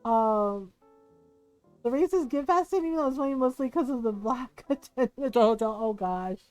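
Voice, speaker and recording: A woman's voice: a little high, lively intonation, moderate pace, a little mellow, soft background music. A woman streaming a life-sim game, chatting casually, telling stories and laughing often. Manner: chatty, storytelling, laughs often, playful quoted voices.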